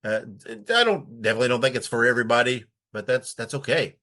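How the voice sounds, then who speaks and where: A man with a mid-range voice chats on a podcast. He pauses often and piles up "uh" and "you know" while he works his thoughts out. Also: mid-range voice, animated, bright, forceful tone. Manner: halting, stacked fillers. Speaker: podcast co-host. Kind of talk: casual podcast chat.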